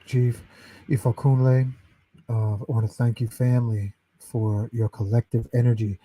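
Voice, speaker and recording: A man hosting a healing prayer circle, calmly leading blessings with drawn-out words. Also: lowish voice. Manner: slow, calm, drawn-out blessings.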